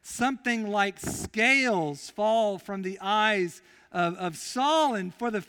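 A very high, bright-toned man preaches slowly and deliberately. He tells his story with emphasis, dropping to near-whispers and then rising again, and his voice rings through a long church reverb. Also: lively intonation, smooth. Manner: emphatic storytelling, swinging from loud to very quiet. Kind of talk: sermon. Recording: long reverb of a large hall.

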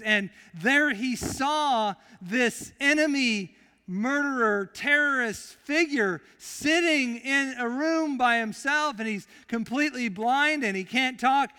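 A male preacher telling a story in a sermon, emphatic, swinging from loud declarations to hushed, quiet passages. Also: very high voice, smooth. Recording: long reverb of a large hall.

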